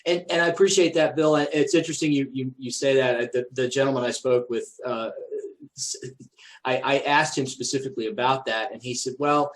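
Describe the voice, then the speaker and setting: A man's voice: medium pitch, steady tone, fairly quick, low-quality recording. Male presenter, mid-range voice, hesitant and repetitive Q&A delivery. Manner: hesitant, many restarts and fillers. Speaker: presenter at an association meeting. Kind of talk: conversational Q&A on a call.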